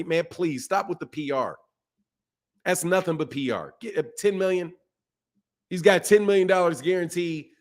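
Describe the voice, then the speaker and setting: A man with a fairly high voice riffs on a live stream in blunt, casual slang. He circles back to the same phrases again and again to hammer a point home, swinging between rising emphasis and low, muttered asides. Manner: blunt, animated, repeats himself for emphasis. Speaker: boxing channel host. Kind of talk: casual livestream commentary.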